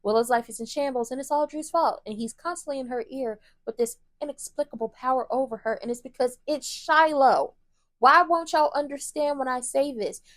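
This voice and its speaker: A woman's voice: high voice, no echo, studio quality. A woman hosting a casual soap opera recap, blunt and opinionated, swearing freely as she retells scenes in quoted lines.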